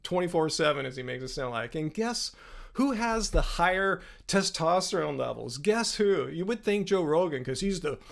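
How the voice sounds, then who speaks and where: A man in his fifties runs a live stream Q&A and answers his chat directly. His voice sits fairly high for a man, and he talks in a combative, sarcastic way, often rambling and restarting his sentences. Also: vocal fry. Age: 50s. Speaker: livestream host.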